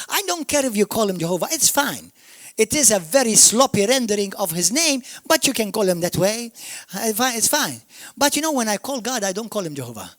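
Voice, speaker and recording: A man with a Maltese accent preaching a sermon, emphatic, swinging from shouts down to murmurs. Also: extremely high pitch, big pitch swings, fairly quick, no echo. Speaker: pastor. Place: church.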